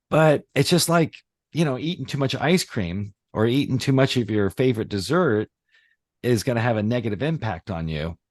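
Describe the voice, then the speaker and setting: A middle-aged man talking casually on a podcast as host, rambling and animated, with many fillers and restarts. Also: mid-range voice, no echo, clean studio sound. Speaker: podcast host, reality surfing teacher.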